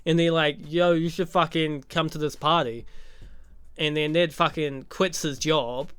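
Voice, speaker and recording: A man's voice: fairly high pitch, a bit bright, no echo. A man giving a casual, profane recap of a movie, full of sarcastic jokes and laughing asides. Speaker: YouTube movie commentator.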